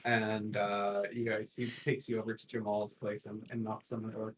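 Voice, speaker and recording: A man narrating as game master in a tabletop game, halting and full of fillers. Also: lowish voice, little pitch movement, noisy background.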